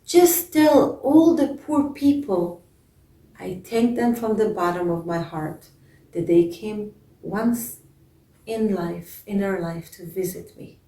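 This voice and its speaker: A woman voicing a humble, pious old miser who speaks softly and gratefully. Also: medium pitch, slow pace. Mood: tender, serene. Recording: echoey room, voice from a distance.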